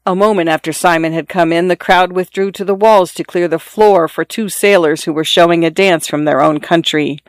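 A storybook narrator reading in a measured, even way. The voice sits in a middle pitch. The recording is dry, with no room sound. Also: clear, resonant tone, no echo.

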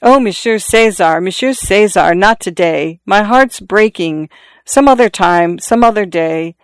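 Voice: medium pitch, measured pace, clean tone, dry recording, lightly acted. A reader voicing a grieving, emotional young mother in an audiobook story, pleading and tearful. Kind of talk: audiobook character reading.

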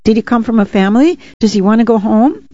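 Eager little boys pipe up in a high, excited voice, as a woman puts them on while reading a story. The questions tumble out in a rapid-fire way. The recording is slightly dull and lo-fi. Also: close to an everyday voice.

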